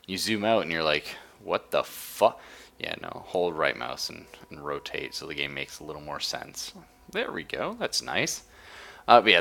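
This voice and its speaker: A man's voice: deep voice, gravelly, bright, forceful tone. A man streaming a strategy game live, chatting casually and enthusiastically as he explains the mechanics while he plays. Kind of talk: casual live gameplay commentary.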